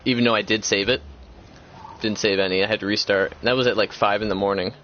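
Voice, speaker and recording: A man's voice: on the low side, steady tone, fast talker, fairly bright tone, slight background noise. Rambling young man on a dull lo-fi mic. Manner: rambling, many fillers and restarts. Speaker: host of a gaming channel. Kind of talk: casual chat. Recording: dull lo-fi sound.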